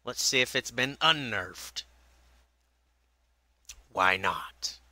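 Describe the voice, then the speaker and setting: A man's voice: medium pitch, animated, extremely slow, pushed and bright, no echo. A man giving casual, profane, sarcastic commentary while playing a game, muttering to himself between shots. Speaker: gameplay streamer.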